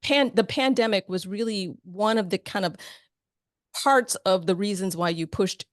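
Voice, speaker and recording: A woman's voice: mid-range voice, normal speed, no echo, studio quality. Enthusiastic woman radio host. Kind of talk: radio interview.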